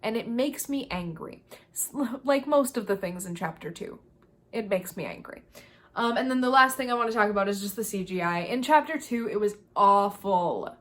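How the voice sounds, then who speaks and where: A woman talking to camera in a casual review vlog, ranting in an animated, exasperated way. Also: medium pitch, moderate pace. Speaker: video creator.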